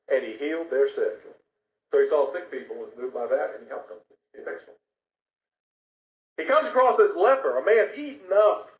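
A man preaching a sermon, swinging from loud raised phrases to hushed asides. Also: on the high side. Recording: echoey, dull lo-fi sound.

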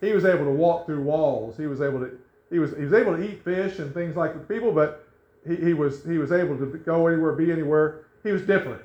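A man's voice: on the high side, fast. A man preaching a sermon in a conversational way, often restarting his sentences. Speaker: pastor. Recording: echoey room, dull lo-fi sound.

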